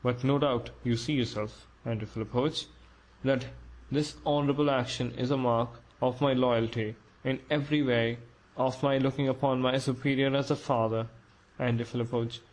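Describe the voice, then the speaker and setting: Timid pleading clerk, flat level delivery, read by a man; storybook reading. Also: medium pitch, normal speed, close to an everyday voice, poor audio. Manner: pleading, flustered. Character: timid, anxious middle-aged clerk, man.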